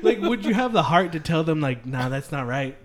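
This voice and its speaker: A young man with a slightly high voice chats casually on a podcast. He tells stories full of swearing and acts out what other people said. The delivery is loose and animated. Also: a little fast. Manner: profane storytelling with animated quoted voices. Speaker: podcast co-host. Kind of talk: casual chat.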